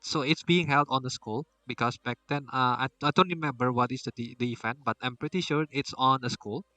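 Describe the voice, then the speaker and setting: A man's voice: mid-range voice, a little fast, bright, forceful tone, dry recording, recorded from a distance, poor audio. A man hosting a casual podcast chat, rambling with many restarts and frequent laughs. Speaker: podcast host.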